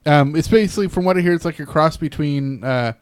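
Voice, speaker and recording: Fairly high-voiced, hesitant male co-host. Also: fast talker, clean tone, dry recording, clean studio sound. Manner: hesitant, searching for words. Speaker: podcast co-host. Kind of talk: casual chat.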